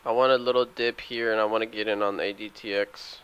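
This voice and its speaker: Quick-paced and smooth, this lowish male voice comes through with the highs cut off. It belongs to a young day trader narrating a recap over his screen recordings, casual until a trade goes wrong and he gets worked up and yells at the chart.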